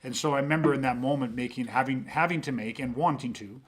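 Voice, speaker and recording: A man's voice: mid-range voice, fast talker. A middle-aged man on a podcast, talking intensely and swearing often, with frequent restarts as he builds a point. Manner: intense, profane, repeats words when starting sentences. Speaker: podcast host. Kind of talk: casual podcast conversation.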